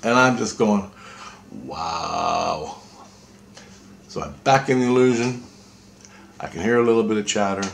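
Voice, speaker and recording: Guy rambling intensely into his camera, swears a lot, middle pitch. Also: fairly even intonation, brisk, slight background noise. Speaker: vlogger. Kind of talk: rambling spiritual monologue.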